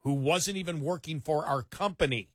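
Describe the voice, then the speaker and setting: Radio talk host guy, kinda husky, bright, tells stories acting out the dialogue, dry close sound. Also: on the high side, moderate pace, no echo. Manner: animated storyteller, repeats words, acts out dialogue. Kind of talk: casual storytelling chat.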